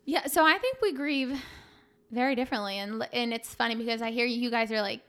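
A woman's voice: on the high side, fairly quick, a bit bright, clear, resonant tone. A young adult woman, a fitness coach and podcast guest, talking casually and openly, with many fillers. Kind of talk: casual emotional conversation.

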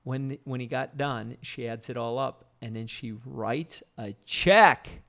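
A man telling a faith testimony in an earnest, steady storytelling way. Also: mid-range voice, takes it slowly, gravelly.

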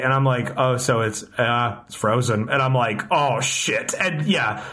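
A man's voice: mid-range voice, measured pace, fairly bright tone. A young man telling a long story in casual chat, rambling with many restarts and frequent swearing.

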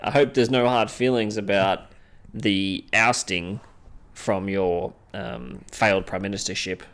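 Laid-back aussie podcast guy, lowish voice, lots of ums, improvising a role-play. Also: a little slow, fairly bright tone. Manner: laid-back, hesitant, frequent ums and laughs. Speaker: podcast co-host.

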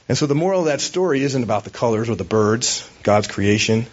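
A man's voice: mid-range voice, expressive, brisk, hardly any pauses, muffled recording. A man preaching a sermon as a pastor, in a conversational, storytelling way with hesitations.

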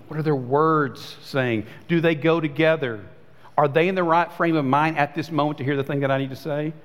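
A pastor preaching a sermon in a conversational way, his voice swinging between high and low. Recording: long hall reverb.

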